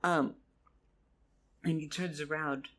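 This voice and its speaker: Man, rambling storyteller, stuck on repeated words, casual swearing, slightly high voice. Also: fairly even intonation, slow pace, a bit bright. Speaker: vlogger.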